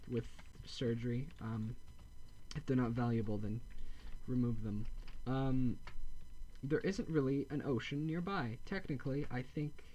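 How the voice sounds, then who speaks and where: A man giving casual gameplay commentary, rambling and correcting himself, with deadpan dark jokes. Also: mid-range voice, slight background noise. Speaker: gameplay video host.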